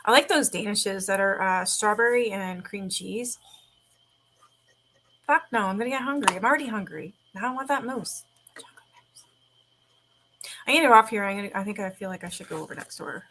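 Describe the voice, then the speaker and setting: A woman's voice: mid-range voice, normal speed, pauses often, bright, forceful tone, slight background noise. A woman chatting casually, rambling, swearing freely and laughing often. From Canada. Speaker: streamer. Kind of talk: casual chat.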